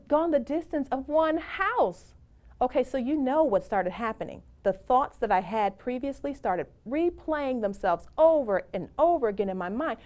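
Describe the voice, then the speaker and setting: A woman's voice: fairly high pitch, expressive, moderate pace, darkish tone. A middle-aged woman giving a motivational presentation, speaking in an emphatic, encouraging way and telling personal stories.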